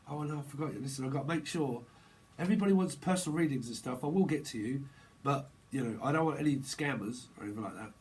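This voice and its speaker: A man's voice: medium pitch, a little hiss or hum, low-quality recording. A man giving a casual, rambling tarot reading, laughing often and using slang. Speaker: tarot reader.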